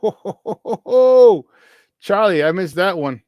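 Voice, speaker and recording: Fired-up male sports radio host, high voice, close dry studio sound, greets listeners by name. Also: expressive, very slow, dry recording. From Chicago area. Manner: hyped, shouting out listeners by name. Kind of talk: morning sports talk show.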